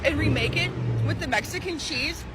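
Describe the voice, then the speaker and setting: Woman, indignant phone-video rant outside, high voice, traffic noise behind. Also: normal speed, fairly bright tone. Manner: indignant, complaining. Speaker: social media ranter.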